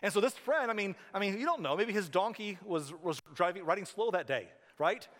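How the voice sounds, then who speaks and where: A male pastor preaching a sermon in a church, conversational and animated, telling stories with asides. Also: sits high, a little fast. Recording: reverberant hall.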